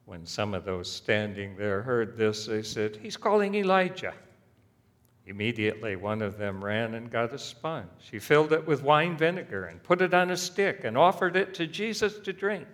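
A man's voice: mid-range voice, normal speed, hardly any pauses, fairly bright tone, long reverb tail. A man preaching a sermon, reading scripture aloud and rising sharply in emphasis on key passages. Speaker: pastor. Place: church sanctuary.

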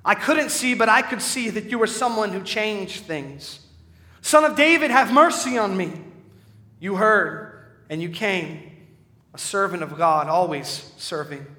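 A man's voice: high-pitched, a little slow, sharp tone. A man voicing Bartimaeus, a healed blind beggar, in an impassioned dramatic recital of a poem. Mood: fervent. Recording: echoey hall reverb.

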